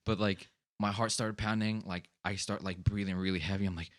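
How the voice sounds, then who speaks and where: A man's voice: sits low, level tone, brisk. A man in his twenties from Long Island, co-hosting a podcast and telling a rambling story full of fillers and swearing. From Long Island, USA. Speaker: podcast co-host. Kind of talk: casual chat.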